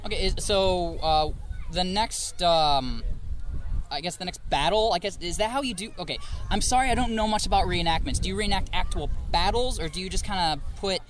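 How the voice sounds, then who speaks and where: A man's voice: high-pitched, fairly quick, fairly bright tone. A man co-hosting a casual interview outdoors at a historic fort, joking and chatty. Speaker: co-host. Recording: outdoor background noise.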